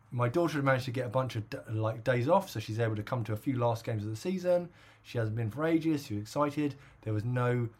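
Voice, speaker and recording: A middle-aged man from England telling a long story in casual podcast chat, with lots of fillers and laughs. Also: medium pitch. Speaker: podcast co-host.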